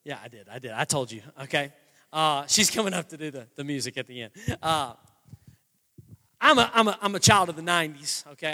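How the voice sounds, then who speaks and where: High bright-voiced preacher in a reverberant hall. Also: male voice. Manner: animated storytelling, builds to loud passionate preaching. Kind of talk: sermon. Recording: long hall reverb with faint guitar.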